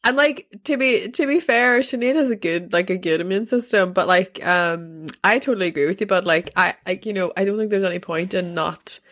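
A woman's voice: medium pitch, brisk, hardly any pauses, fairly bright tone. A woman who is a mother of a toddler, telling a story in casual chat. She talks in a rambling, filler-heavy way and laughs often. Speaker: podcast co-host, mother of a toddler.

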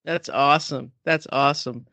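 A man's voice: mid-range voice, fairly even intonation, moderate pace, vocal fry, bright, forceful tone, dry recording. A man in a casual chat who laughs often and asks encouraging questions about marathons.

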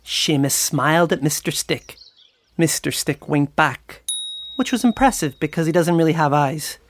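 A woman narrating a children's story in a playful, expressive way. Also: sits low, normal speed, slight background noise. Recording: narration over clear music.

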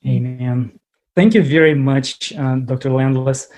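A man moderating a webinar, thanking the speaker and talking haltingly with many fillers. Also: mid-range voice, fairly even intonation, a little mellow. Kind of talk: hesitant moderating.

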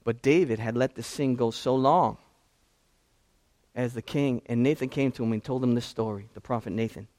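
Casting note: male pastor, conversational preacher who builds to loud, fervent peaks; mid-pitched voice. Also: moderate pace. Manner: conversational preaching, rising to impassioned shouting. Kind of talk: sermon.

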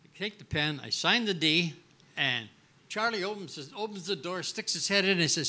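At a live restaurant event, an older male guest recounts a story in a high voice at moderate speed. His delivery is relaxed yet lively, full of acted-out dialogue and repeated restarts.

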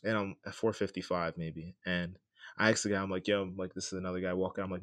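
A young man with a lowish voice hosts his own podcast and talks through a story off the cuff. He keeps it casual and conversational, often asking "right?" as he goes. The sound is close and dry, with no room around it. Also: steady tone, fast, dry recording. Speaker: podcast host.

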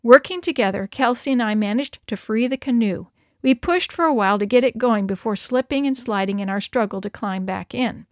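A woman's voice: on the high side, a little fast, no echo, studio quality. A woman narrating a children's story, reading expressively. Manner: expressive, lively dialogue. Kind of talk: storybook read-aloud.

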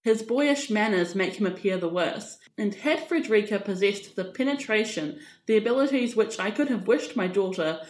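A woman's voice: mid-range voice, animated, moderate pace, few pauses, natural voice. A woman reading aloud and voicing a scheming, persuasive aristocratic mother with a theatrical manner. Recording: echoey room.

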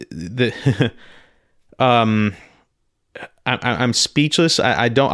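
A man hosting a personal storytelling podcast, talking in a halting, earnest way with many restarts and repeated words. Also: on the low side, a bit bright, dry recording, clean studio sound. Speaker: podcast host.

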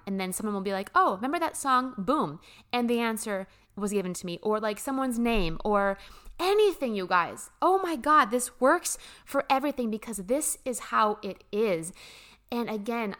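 Young woman, bright-toned, gushing spiritual vlogger talking straight to her viewers, emphatic, loose and swearing. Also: medium pitch. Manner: gushing, emphatic, swears casually, laughs often. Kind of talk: casual spiritual storytelling.

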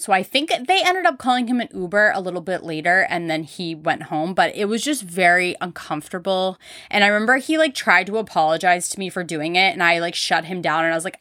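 A woman's voice: on the low side, expressive, moderate pace, sharp tone, no echo, clean studio sound. A young woman hosting a podcast, casually telling candid stories with lots of filler words. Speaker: podcast host. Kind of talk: casual storytelling.

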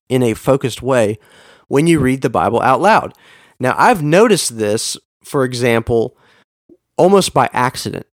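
A man's voice: medium pitch, no echo, studio quality. A man teaching a Bible lesson, reading verses aloud with shifting stress and asking his listeners rhetorical questions.

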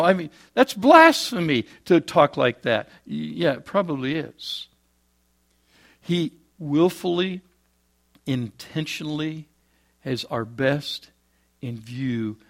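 Man preaching, loud peaks then hushed asides. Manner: swings from loud emphatic peaks to quiet low asides, homely jokes. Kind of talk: sermon.

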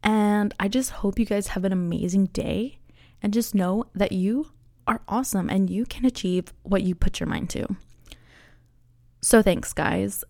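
A woman's voice: mid-range voice, measured pace, creaky, darkish tone. Chatty young woman hosting a podcast. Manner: chatty, rambling, laughs often, many fillers. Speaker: podcast host. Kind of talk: casual solo podcast chat.

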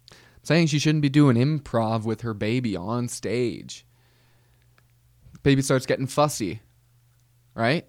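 A man hosting a comedy podcast, telling a rambling deadpan story with casual slang. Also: medium pitch, no room sound, clean studio sound. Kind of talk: comedic monologue.

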